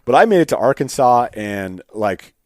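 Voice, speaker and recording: A man telling stories as a podcast guest in a casual, animated way, full of fillers and restarts. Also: mid-range voice, normal speed, no echo, studio quality. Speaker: podcast guest, state game bird biologist. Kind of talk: casual storytelling in an interview.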